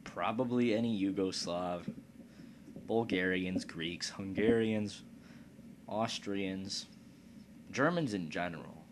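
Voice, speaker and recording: A man with a very low voice talks slowly through a strategy game, tossing off crude, profane jokes as he plays. A steady hiss of background noise runs under his voice. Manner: crude, profane, joking asides. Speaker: let's play commentator. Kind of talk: casual gameplay commentary.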